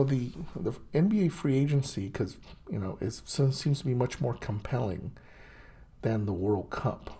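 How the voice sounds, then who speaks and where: Delivering a ranting monologue on his own show, a middle-aged host sounds blunt and scornful, rambling with plenty of fillers and restarts. His voice is mid-range, warm, and a little rough.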